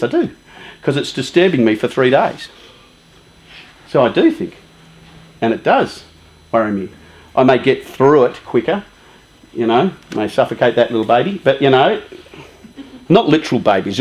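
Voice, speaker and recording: Speaking at normal speed with long pauses, the same fifty-something charity speaker sounds very animated, medium in pitch and slightly mellow. He jokes conversationally with a live youth group and keeps asking them questions.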